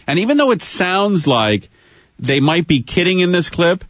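A man's voice: high-pitched, sing-song, normal speed, a bit bright, no echo. A man hosting a radio talk show, wisecracking and introducing clips in casual banter.

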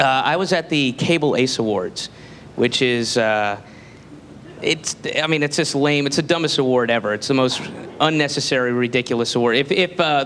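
A man's voice: on the high side, a bit bright, a little hiss or hum. A man telling a profane, rambling, sarcastic stand-up story. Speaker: comedian.

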